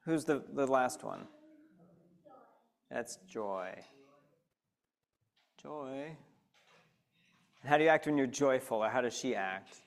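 A man's voice: mid-range voice, slow pace, creaky, long pauses. A man leading a mindfulness talk, speaking conversationally and directly to a live audience with frequent questions. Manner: animated, addresses listeners directly with questions.

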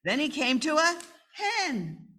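A woman reading a picture book aloud to children at a live event, animated and talking to her audience. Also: high voice, slow, slight background noise. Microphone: microphone.

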